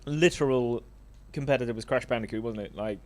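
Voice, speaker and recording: A man co-hosting a game channel, chatting casually and giving relaxed opinions while his friend plays. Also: medium pitch, brisk. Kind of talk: casual chat while playing.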